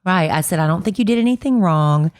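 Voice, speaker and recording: A woman with a low voice, chatting casually on a podcast while getting over a cold. She tells a long story with energy and slips into other people's voices when she quotes them. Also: lively intonation, brisk, darkish tone. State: fighting a cold. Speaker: podcast co-host.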